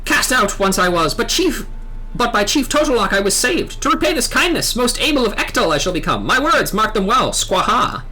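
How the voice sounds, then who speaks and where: A woman's voice: on the high side, sing-song, normal speed, pushed and bright, husky, full character voice. A woman voicing surly male bird-man tribesmen who squawk, threaten, and speak in backwards word order. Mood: grumbling.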